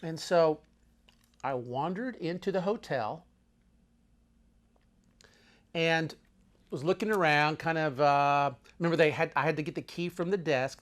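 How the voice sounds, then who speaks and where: A man telling a travel story casually, wandering off into asides and restarting his sentences. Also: on the high side. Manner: meandering, full of restarts and asides.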